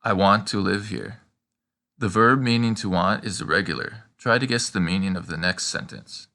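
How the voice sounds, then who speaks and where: Male teacher for a scripted lesson, bright and forceful tone, slows down for the examples. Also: lowish voice. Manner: prompting the listener with questions and pauses. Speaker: language teacher.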